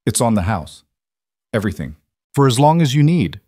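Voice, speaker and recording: A man's voice: mid-range voice, big pitch swings, dark tone, no echo, studio quality. A man reading as a fretful, apologetic shopkeeper. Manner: hurried, apologetic speech.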